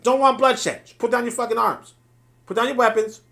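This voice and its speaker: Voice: medium pitch, a little fast, vocal fry, fairly bright tone. A commentator reacting to a played clip in a blunt, profane and sarcastic way.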